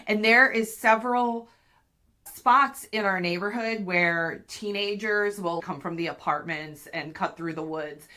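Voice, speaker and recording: A woman in her thirties hosting a podcast, telling a candid, profane story casually and acting out what she and others said. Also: sits low. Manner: candid, profane, animated retelling with acted-out quotes. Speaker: podcast host.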